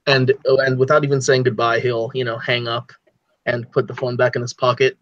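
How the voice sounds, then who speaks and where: A man's voice: mid-range voice, flat delivery, a little fast, fairly bright tone, no room sound. A man playing a tabletop role-playing game, describing his character's actions in a rambling way full of "like" and "you know". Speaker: player. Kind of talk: tabletop role-play chat. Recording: slightly dull, dry mic.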